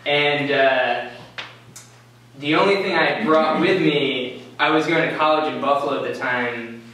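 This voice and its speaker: Slow, bright-voiced man telling a live story. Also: medium pitch. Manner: casual, rambling, full of "like" and "uh", laughing at his own story. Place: small event venue, on stage. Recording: very echoey room from a distance, faint ambience.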